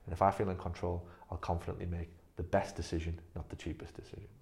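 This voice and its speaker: A man's voice: low-pitched, level tone, fast talker, darkish tone. A man leading a staff training session, blunt and emphatic, swearing freely. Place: physio clinic room.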